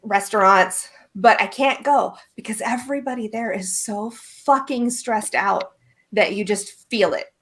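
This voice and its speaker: A woman's voice: a little high, measured pace, fairly bright tone. A woman from Iowa, co-hosting a podcast in casual, laughing, swearing chat. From Iowa, USA. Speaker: podcast co-host. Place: small Iowa town home.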